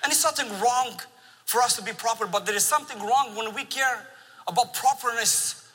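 Bright-voiced man preaching in a hall. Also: very high voice, brisk, slightly rough. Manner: animated storytelling with laughs. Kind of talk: sermon. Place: large church sanctuary. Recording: long reverb of a large church hall.

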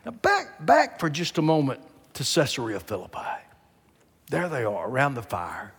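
A man preaching a sermon on a church stage, dropping to hushed asides and then building to shouted, emphatic climaxes. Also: on the high side, very animated, normal speed, slightly rough, long reverb tail. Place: large church auditorium with stage.

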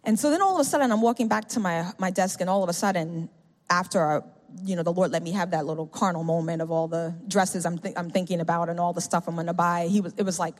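A middle-aged woman giving an animated testimony sermon, telling her story and calling out to the congregation. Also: on the low side, fast. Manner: animated storytelling, acts out quoted speech, calls out "amen?". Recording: long hall reverb.

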